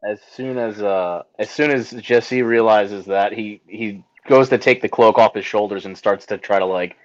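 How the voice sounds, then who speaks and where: A man's voice: lowish voice, normal speed, no echo. A man playing in a tabletop game, describing his character's actions in a rambling way with many fillers. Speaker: player. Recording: dull lo-fi mic.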